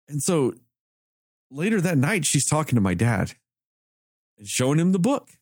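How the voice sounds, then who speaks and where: A man swapping stories on a podcast, his pitch swinging widely as he acts out what people said. He swears freely and keeps it casual. The sound is close and dry, with no room around him. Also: moderate pace, long pauses, husky, no room sound. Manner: animated, swearing, quotes people in raised voice. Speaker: podcast co-host. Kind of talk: casual storytelling chat.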